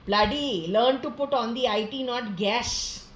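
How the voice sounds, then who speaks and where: Woman, Indian English accent, rambling and combative, slightly high pitch, faint background hiss. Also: measured pace. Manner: rambling, grows into angry insults. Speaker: self-described occultist. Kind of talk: rambling monologue to camera. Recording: echoey room.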